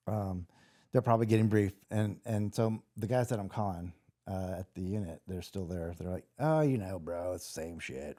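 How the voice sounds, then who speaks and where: A man's voice: lowish voice, dark tone. A middle-aged man from Los Angeles, a former soldier telling his story in a casual, rambling interview, with many restarts. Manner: rambling, conversational, many restarts, acts out quoted voices. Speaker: guest, former special operations soldier.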